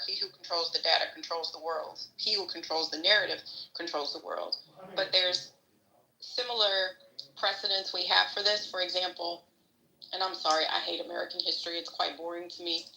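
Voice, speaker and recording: A woman's voice: fairly low pitch, steady tone, a little fast, creaky, sharp tone, echoey room, rough recording. A woman co-hosting a podcast, giving opinionated, salty, rambling political commentary. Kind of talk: casual political discussion.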